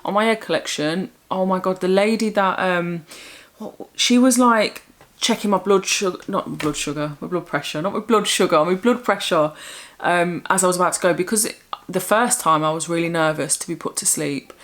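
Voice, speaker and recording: Young English woman vlogger, lowish voice, rambling and candid. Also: normal speed. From England. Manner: chatty, rambling, warm and candid. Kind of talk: casual chat.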